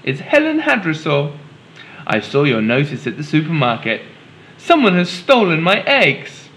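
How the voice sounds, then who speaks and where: A man's voice: wildly swooping pitch, moderate pace, a bit bright, exaggerated voice. Helen Hadrasaw, a man doing a wailing mother dinosaur. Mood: distraught. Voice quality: high, wailing, tearful. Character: distraught young mother dinosaur, sobbing.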